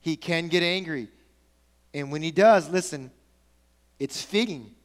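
A man preaching a sermon as pastor, conversational and animated, telling stories with casual asides. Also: fairly high pitch, measured pace, in a large hall.

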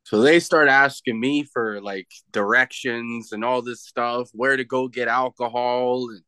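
A man's voice: medium pitch, steady tone, measured pace, bright, forceful tone, clear, resonant tone, no room sound. A man from Canada, a wrestler being interviewed, telling a story in a rambling, casual way with many restarts. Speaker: professional wrestler, guest.

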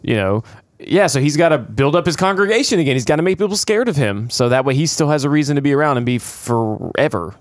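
A man co-hosting a podcast, casually retelling a movie, animated and quick to laugh. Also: on the high side, no room sound, studio quality. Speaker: podcast co-host.

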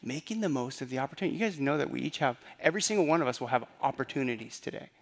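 A man's voice: medium pitch, expressive, very fast. A man preaching a sermon in a conversational way, often repeating phrases and asking rhetorical questions. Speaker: pastor.

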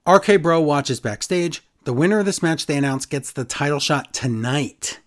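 A man's voice: on the high side, animated, moderate pace. A man co-hosting a casual wrestling recap chat, sarcastic and exasperated. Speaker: podcast co-host.

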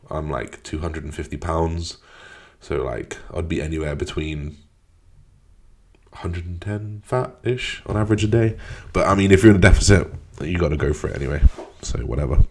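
A man's voice: very deep voice, moderate pace, a little mellow. A man hosting his own podcast, answering listener questions in a loose, frank way and swearing casually. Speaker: podcast host.

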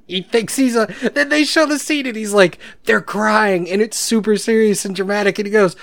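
A man's voice: high voice, moderate pace, gravelly, fairly bright tone, no room sound. A man co-hosting a casual podcast, telling rambling stories and laughing often. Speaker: podcast co-host.

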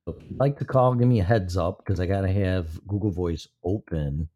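A man's voice: low voice, moderate pace, mellow, highs cut off. A man hosting a live-stream show in casual, rambling, profane talk, with his mic off to the side of his mouth. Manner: rambling and profane, killing time. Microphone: mic placed to the side of his mouth.

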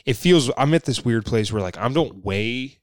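A man's voice: medium pitch, expressive, moderate pace, no echo, studio quality. A young man co-hosting a casual podcast, rambling and swearing, acting out the people in his stories. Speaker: podcast co-host. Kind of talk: casual chat.

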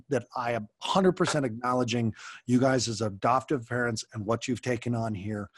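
A man's voice: medium pitch, husky. A man coaching parents over a call, talking frankly and passionately and swearing casually.

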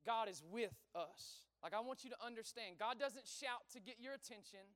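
High, bright-voiced male pastor preaching. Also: fairly quick, clean tone, long reverb tail. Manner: conversational, asks the congregation questions, repeats phrases. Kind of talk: sermon. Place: church.

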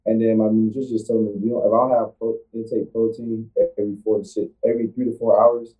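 A young man, a college football player, answering interview questions in a halting, casual way, often restarting his sentences. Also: lowish voice, level tone, narrow, tinny audio, faint music behind. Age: young adult.

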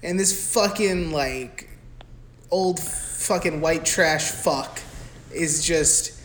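A young man co-hosting a casual movie podcast, recapping the plot in a crude, profane, animated way. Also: a little high, drawn-out words. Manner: crude, profane, animated retelling with mimicked quotes. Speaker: podcast co-host. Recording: echoey room with faint background hiss.

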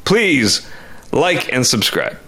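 A man co-hosting a podcast, telling a story in a casual, animated way, often stumbling and repeating words. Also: medium pitch, takes it slowly. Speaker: podcast co-host.

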